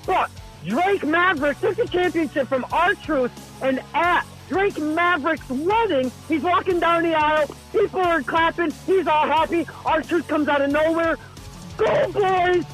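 A man putting on a wildly excitable male gossip caller who rattles off wrestling news in a very high, strained voice. He sounds breathless and shouts as he goes, with faint music underneath. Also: measured pace, rough recording. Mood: hyped. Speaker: hotline caller. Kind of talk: comedic podcast bit.

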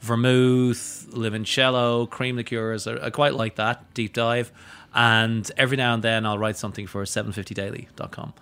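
A man talking as a guest in a casual podcast chat, an animated storyteller whose voice leaps up in pitch when he acts out other people. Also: moderate pace, smooth. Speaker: guest, drinks educator and writer. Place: studio table with bottles and glasses.

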